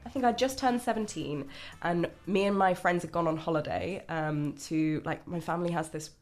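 A woman's voice: on the low side, moderate pace. A young woman, a podcast guest telling candid stories in casual chat and laughing often. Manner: chatty storyteller, laughs often.

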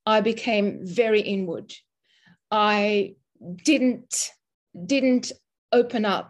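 A woman in her sixties from Australia, a mental health first aid teacher, telling a personal story in an interview in an earnest, emotional, halting way. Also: a little high.

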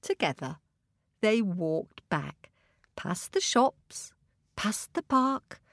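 A woman narrating a children's story expressively and gently, speaking to young listeners. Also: medium pitch, big pitch swings, very slow, dry recording, studio quality.

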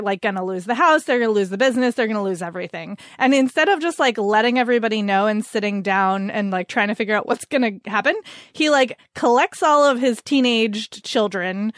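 Woman podcast host, bubbly and chatty, higher voice, dry booth sound. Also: fairly quick, fairly bright tone, no room sound. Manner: enthusiastic, laughs often, says "like" a lot. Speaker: podcast host recommending books. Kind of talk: casual chat.

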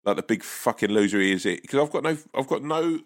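A man, co-hosting a podcast, tells stories in a sweary, animated, joking way. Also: mid-range voice, quick pace. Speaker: podcast co-host. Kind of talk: casual comedic chat.

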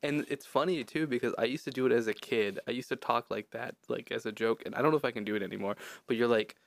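A man's voice: mid-range voice, fast, gravelly, no echo. A man co-hosting a podcast in casual chat, rambling and joking with lots of fillers. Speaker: podcast co-host.

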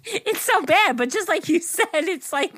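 Bright, animated woman co-host. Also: extremely high pitch, a little slow, dry recording. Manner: laughing, swearing, bubbly. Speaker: podcast co-host. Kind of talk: casual chat.

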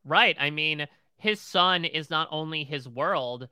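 A man's voice: fairly high pitch, takes it slowly, bright, forceful tone, clean tone, no echo. A man co-hosting a TV recap podcast, retelling scenes in close detail. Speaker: podcast co-host.

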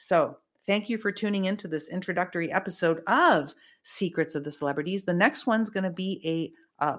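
Slightly low-voiced woman host, rambling. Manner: rambling, emphatic, with many fillers. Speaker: podcast host. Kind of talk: casual monologue.

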